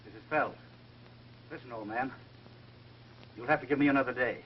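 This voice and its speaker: An actor playing a nervous male debtor who pleads for more time, in a hurried manner. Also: medium pitch, natural voice. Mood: pleading. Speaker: man in debt. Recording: 1930s film soundtrack, dull and hissy.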